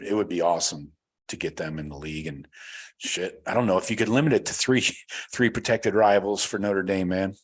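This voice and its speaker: A man with a low, deep voice hosting a casual live show. He rambles through viewer comments in a relaxed, loose way, with plenty of fillers and the odd swear word. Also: breathy edge. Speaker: podcast host reading live chat. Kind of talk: casual livestream chat.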